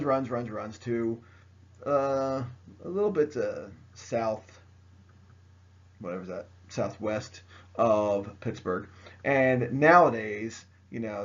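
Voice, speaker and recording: A man's voice: medium pitch, fairly bright tone, lo-fi sound. A man teaching a history lesson by video, chatty and joking, speaking straight to his students. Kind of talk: recorded video lecture.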